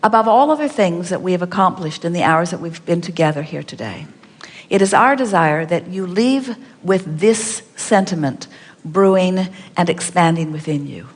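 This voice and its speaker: A woman's voice: on the low side, animated, moderate pace. A woman giving an inspirational seminar talk, speaking as "we" and repeating her points with emphasis. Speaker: speaker answering audience questions. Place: large hall with audience. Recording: long hall reverb.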